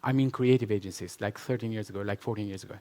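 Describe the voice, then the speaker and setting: A man's voice: on the low side, fairly even intonation, very fast, dark tone. A man giving a conference talk and answering audience questions, emphatic and repetitive, laughing often. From Albania. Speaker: conference speaker. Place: conference hall with live audience.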